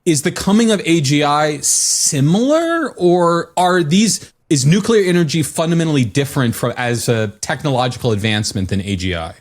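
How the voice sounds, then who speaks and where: A man's voice: on the high side, expressive, moderate pace, few pauses. A man co-hosting a podcast in a casual discussion, musing aloud, restarting sentences and posing questions. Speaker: podcast co-host.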